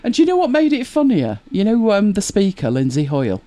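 A woman hosting a live stream, chatting casually with viewers, wry and exasperated with quick laughs. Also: mid-range voice, huge pitch swings, mellow. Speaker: livestream host.

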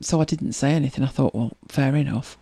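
A woman's voice: brisk, breathy edge. A woman hosting a casual livestream, chatting and telling wry anecdotes as she reads viewer comments. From Britain. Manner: chatty, wry storytelling with lively pitch swings. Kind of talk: casual chat.

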